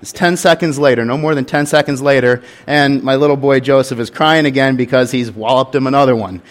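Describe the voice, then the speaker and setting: A man's voice: mid-range voice, fairly even intonation, fairly quick. A young man, a pastor, preaching a sermon and telling a candid story in an earnest way.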